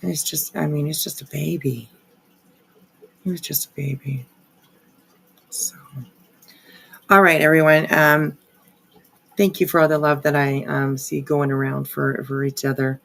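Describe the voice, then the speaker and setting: A woman's voice: low-pitched, flat delivery, a little slow, creaky, pauses often, a bit bright, slight background noise. A woman hosting a casual live stream, rambling with lots of fillers and frequent swearing. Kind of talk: casual livestream commentary.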